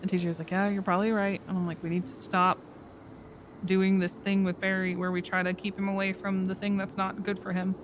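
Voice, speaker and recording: A middle-pitched voice tells a long, rambling story in character, quoting other people and breaking into short laughs as it goes. A faint hiss of noise hangs under the speech. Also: little pitch movement, brisk. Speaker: fellow roleplayer. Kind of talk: in-character roleplay chat.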